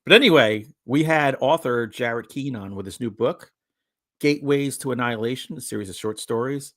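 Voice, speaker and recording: A man co-hosting a horror podcast, goofy and animated, reading out rules and laughing at his own jokes. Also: mid-range voice, normal speed, dry recording, clean studio sound. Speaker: podcast co-host. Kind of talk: casual comedy podcast chat.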